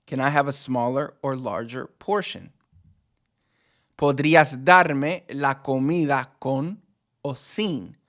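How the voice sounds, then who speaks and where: A man talking through a language lesson at an easy pace. His voice sits in a plain middle register, and he explains things loosely and conversationally, the way a friend would. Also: medium pitch. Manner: relaxed, explains with fillers like "so" and "like". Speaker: language teacher.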